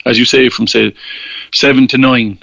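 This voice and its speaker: An Irish man with a gravelly voice, rambling wryly as a radio guest and stumbling over repeated words. He comes through a dull, muffled line that sounds dry and close. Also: mid-range voice, little pitch movement, normal speed, bright, forceful tone, dry recording. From Ireland. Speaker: newspaper columnist guest. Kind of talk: casual radio interview.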